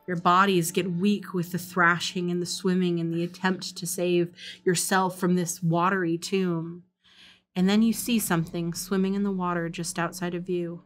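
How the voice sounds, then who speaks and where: A woman narrating a folk horror tabletop game as dungeon master, describing scenes calmly. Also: on the low side.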